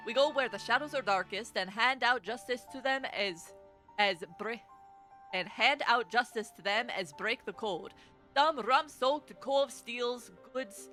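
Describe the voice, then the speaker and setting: A woman's voice: on the high side, sharp tone. A woman voicing a swaggering male rogue guildmaster, reading game dialogue aloud in a thick put-on Scottish-style accent.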